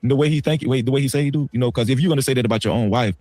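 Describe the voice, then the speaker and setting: A man hosting a livestream, telling a story in casual, slangy talk that swings between low asides and loud outbursts. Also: rapid-fire, dry recording. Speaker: livestream host.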